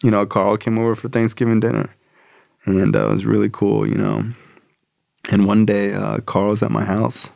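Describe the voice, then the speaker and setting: Gravelly low-voiced guy telling a story. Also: level tone, normal speed, darkish tone, dry recording, studio quality. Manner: loose, profane, full of "like" and "bro". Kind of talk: casual spoken storytelling.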